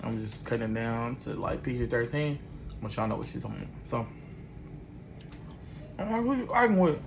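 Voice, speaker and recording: A man's voice: mid-range voice, normal speed, vocal fry, background noise. A man animatedly telling a personal story in loose, slangy talk, acting out every line of the dialogue himself.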